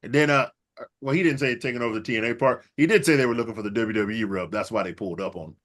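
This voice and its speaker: A man co-hosting a casual comedy wrestling talk show, retelling events and acting out the wrestlers' lines with profane, animated delivery. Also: medium pitch, rapid-fire. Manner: animated, acts out quotes in exaggerated voices, profane. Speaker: podcast co-host recapping wrestling.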